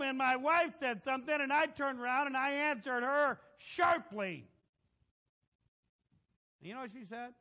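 A middle-aged man preaching a folksy, animated sermon, asking the congregation for amens. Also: very high-pitched.

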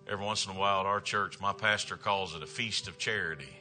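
Southern male evangelist, emphatic folksy sermon delivery, sharp bright tone. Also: low-pitched, steady tone, fast talker, faint music behind. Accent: Southern American. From American South. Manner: folksy, emphatic, calls out "amen". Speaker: traveling evangelist. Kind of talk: revival sermon.

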